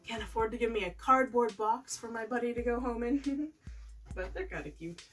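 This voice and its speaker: A woman's voice: a little high, normal speed, far from the mic, soft background music. A woman chatting casually as she reviews toys, laughing often between her remarks. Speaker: toy reviewer. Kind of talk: casual product review vlog.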